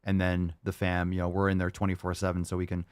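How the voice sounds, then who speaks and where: A man hosting a casual solo podcast, reading out fan posts with loud, jokey, profane energy. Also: low-pitched, completely flat delivery, fast talker, smooth, no echo, studio quality. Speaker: podcast host.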